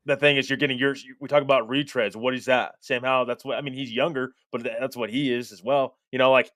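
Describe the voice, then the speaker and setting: A man co-hosting a sports podcast, thinking out loud and asking himself questions as he weighs a player. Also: medium pitch, steady tone, fast, no echo, clean studio sound. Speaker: podcast co-host. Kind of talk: casual sports analysis.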